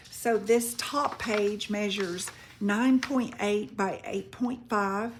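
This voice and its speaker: An online craft seller chats casually through a presale video for vintage paper and crafts, describing each item up close at an unhurried pace and stumbling over foreign words. Her voice is mid-range and steady in tone, with a noisy background.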